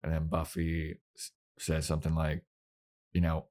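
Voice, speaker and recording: Brief: deep-voiced male podcast co-host, loose and profane, breaks into quick impressions while recapping. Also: steady tone. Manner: swearing, acts out characters' lines in loose voices. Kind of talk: casual recap chat.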